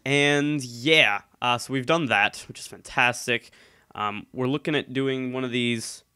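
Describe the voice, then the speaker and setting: A man's voice: mid-range voice, bright, forceful tone, clean tone, no room sound, clean studio sound. A man chatting casually on his channel, rambling with lots of ums and restarts, a little congested. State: slightly congested. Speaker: YouTube commentator. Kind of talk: casual solo chat. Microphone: headphones, desk mic.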